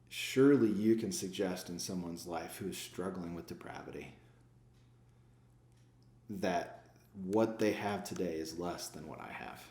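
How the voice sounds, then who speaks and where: A man with a low, dark, mellow voice, speaking as a former pastor in a relaxed interview. He works through his points with rhetorical questions he answers himself. The sound is roomy and echoey. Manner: reflective, poses rhetorical questions and answers them. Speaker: sales manager and former pastor, guest. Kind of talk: casual podcast interview. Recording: echoey room.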